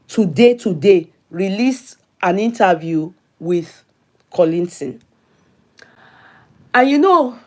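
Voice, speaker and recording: Her voice is a little high with a darkish tone as she, a middle-aged Nigerian-accented host, runs a casual live chat. She welcomes viewers by name and slips into Yoruba now and then.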